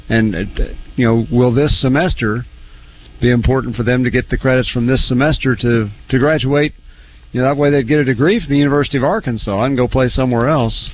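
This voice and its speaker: A male sports radio co-host who talks in an easygoing way and thinks aloud as he goes. The audio is muffled, with a faint hiss behind him. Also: medium pitch. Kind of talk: casual sports radio talk.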